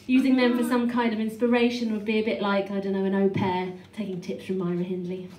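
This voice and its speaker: A woman's voice: mid-range voice, little pitch movement. Dry woman doing stand-up. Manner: dry, self-deprecating delivery with quick restarts. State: heavily pregnant. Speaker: stand-up comedian. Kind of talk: stand-up comedy set. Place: small comedy club stage. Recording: echoey club room from far off, noisy.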